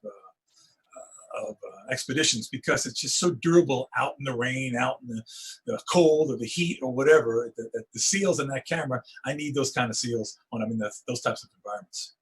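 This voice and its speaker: Animated, husky-voiced man telling wildlife stories. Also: medium pitch, poor audio. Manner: animated storyteller, acts out moments with rising excitement. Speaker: wildlife photographer. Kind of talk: storytelling interview on a video call.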